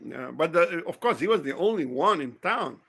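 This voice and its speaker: A man from South Africa chatting casually, telling lively stories, acting out quoted voices and swearing freely. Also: fairly high pitch, normal speed, creaky, slightly rough. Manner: animated storyteller, acts out quoted voices, swears. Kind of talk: casual storytelling chat.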